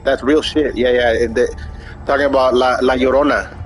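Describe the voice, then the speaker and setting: A man's voice: mid-range voice, steady tone, normal speed, a little hiss or hum, low-quality recording. A young man chatting casually over gameplay, telling a story in a rambling, profane way with many restarts. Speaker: gaming streamer.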